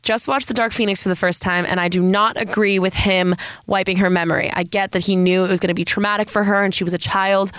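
A woman's voice: mid-range voice, fairly even intonation, quick pace, a bit bright, clean tone, no room sound, studio quality. A young woman from San Diego hosting a casual solo podcast, with a Valley girl-sounding voice, rambling and self-deprecating. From San Diego, California. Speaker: podcast host.

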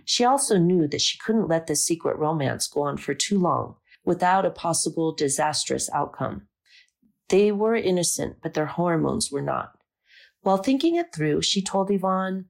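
Creaky-voiced woman reading a story. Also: fairly low pitch, animated, normal speed. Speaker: audiobook narrator. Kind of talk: scripted storybook narration.

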